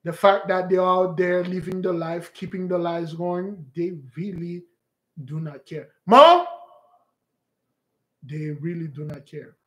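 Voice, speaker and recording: A man's voice: high voice, flat delivery, measured pace. A man hosting a livestream, talking in an emphatic, preachy way and repeating his points. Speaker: online show host. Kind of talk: livestream commentary.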